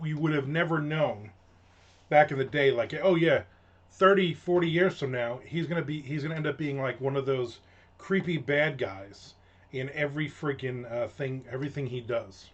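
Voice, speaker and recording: A middle-aged man with a medium-pitched voice speaks at normal speed, hosting his own rant segment. He's casual, sarcastic, and rambling, with many fillers and restarts, and the recording sounds dull and lo-fi.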